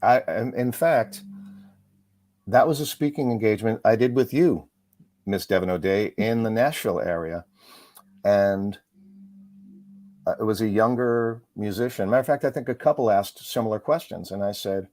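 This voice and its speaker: A middle-aged man, a musician and author, chatting as an interview guest, rambling quickly through stories with lots of fillers. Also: lowish voice, darkish tone, no echo. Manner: fast, rambling storyteller with frequent fillers. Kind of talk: casual interview chat.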